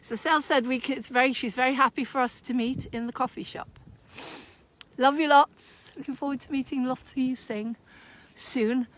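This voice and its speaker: A woman's voice: high-pitched, fairly even intonation, normal speed, a little hiss or hum. An exuberant woman vlogging outdoors on a green, whooping, laughing and breaking into song. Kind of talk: casual outdoor video chat.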